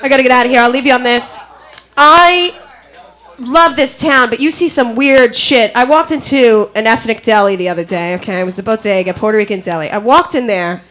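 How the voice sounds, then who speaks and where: A woman doing a brash, profane stand-up comedy set at a comedy club, animated throughout, in a live club recording with audience noise. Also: fairly high pitch, a little fast. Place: New York comedy club.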